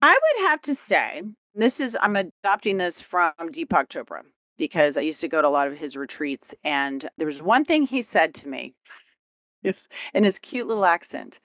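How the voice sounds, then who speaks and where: A woman's voice: on the low side, sing-song, normal speed, a bit bright, dry recording, studio quality. A middle-aged woman coach, a podcast guest, talking casually with upbeat enthusiasm. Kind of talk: casual interview chat.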